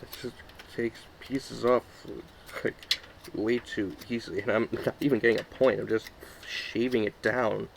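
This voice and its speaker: This knife reviewer has a lowish voice with vocal fry and fairly even intonation, and a faint hiss or hum sits under the audio. Carving and cutting through a casual demo of pocket knives, he mutters offhandedly and breaks into quick exclamations.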